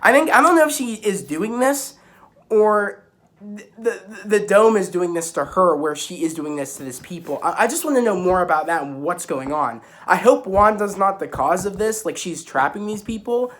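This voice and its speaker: A young man at home, excitedly recapping a TV episode to camera in a loose, rambling way full of restarts and fillers. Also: high voice, normal speed. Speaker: YouTuber reviewing a TV episode. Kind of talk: casual spoiler recap to camera. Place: at home with kittens around.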